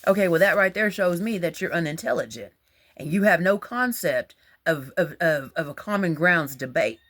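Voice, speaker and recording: A woman, talking in a rambling, animated, colloquial monologue about religious ideas. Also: mid-range voice. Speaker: religious vlogger. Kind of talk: casual monologue.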